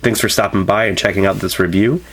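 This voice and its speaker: A man's voice: fairly low pitch, fairly even intonation, fast talker, fairly bright tone. A man casually reviewing an energy drink flavor, rambling with many fillers and self-corrections. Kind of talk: casual product review vlog.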